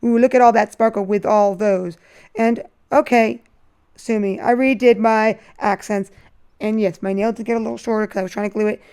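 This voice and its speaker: A woman narrating her nail art as she paints, chatty and rambling, breaking into excited sing-song bursts. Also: mid-range voice, normal speed, smooth. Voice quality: voice crackling. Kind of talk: casual voice-over while painting nails.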